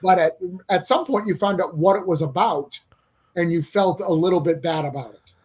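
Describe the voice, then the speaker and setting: A man's voice: high voice, moderate pace, darkish tone, breathy edge. A man as a podcast guest, chatting casually and explaining things carefully, with frequent stammers and restarts. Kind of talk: casual chat.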